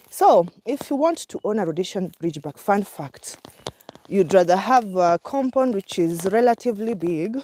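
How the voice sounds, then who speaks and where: Out walking her dog among hills and woods, a vlogger with a Kenyan English accent chats casually, a bit out of breath and laughing now and then. Her voice is medium in pitch with a dark tone, and there's a slight hiss or hum in the audio.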